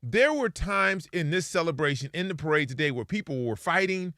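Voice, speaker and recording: A man co-hosting a sports talk show, telling stories in animated, casual chat with playful quoted voices. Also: a little high, brisk, no room sound, clean studio sound.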